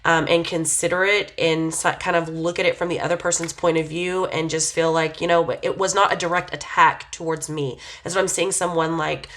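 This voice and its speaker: A woman with a somewhat low voice talks through a tarot reading in a relaxed, casual way. She meanders and hesitates, leaning on fillers as she muses aloud about what she senses. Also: brisk, few pauses. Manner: reflective, intuitive musing. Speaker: tarot reader.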